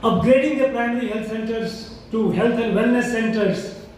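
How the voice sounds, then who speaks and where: A man's voice: very high voice, moderate pace. A man giving a formal public speech to an audience, emphatic and lecturing, repeating key phrases for weight. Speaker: public speaker addressing an audience. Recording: echoey hall, distant mic, faint noise.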